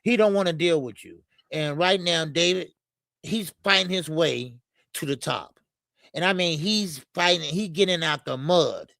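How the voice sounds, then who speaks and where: A man's voice: a little high, a little slow, vocal fry, fairly bright tone, no echo. A man hosting a boxing live stream in a casual, rambling way, with many fillers as he reads out super chats. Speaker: boxing show host.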